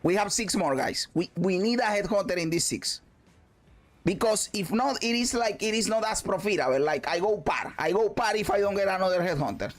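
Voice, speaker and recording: Man, high voice, very lively pitch, yelling game commentary, music behind. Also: a little fast. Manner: loud, swearing, shouts at the game. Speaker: gaming streamer. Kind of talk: excited gameplay commentary.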